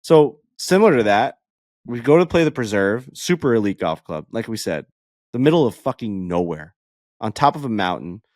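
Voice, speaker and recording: A man co-hosting a podcast, telling a story in casual chat, animated and profane, acting out the people he quotes. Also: on the low side, normal speed, dry recording, studio quality. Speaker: podcast co-host.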